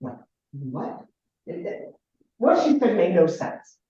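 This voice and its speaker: A woman in her sixties from Ohio, telling a personal family story in a rambling, halting way with many restarts. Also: on the low side, sing-song, dark tone. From Ohio, United States. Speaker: caller sharing her story. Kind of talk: personal storytelling in a group call. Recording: very echoey, distant, muffled.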